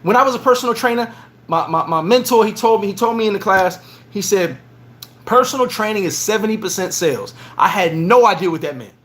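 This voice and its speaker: A middle-aged man vlogging, telling stories in a casual, animated way and repeating words as he goes. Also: high voice, fairly quick. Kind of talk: casual storytelling monologue.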